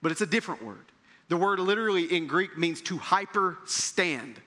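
A man's voice: high-pitched, expressive, normal speed, bright, forceful tone. A man preaching a sermon to his congregation in a conversational way that builds to emphatic peaks. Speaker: pastor. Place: large church hall. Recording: long reverb of a large hall.

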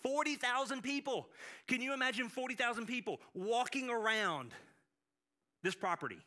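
A man preaching a sermon as pastor, animated, with frequent restarts and acted-out quotes. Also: very high-pitched, moderate pace.

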